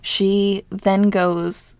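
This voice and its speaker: A woman's voice: medium pitch, little pitch movement, extremely slow, a little mellow, smooth, dry recording. A young woman co-hosting a podcast, casually retelling a true-crime story with lots of "like" fillers. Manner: chatty storytelling, frequent "like" fillers. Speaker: podcast co-host.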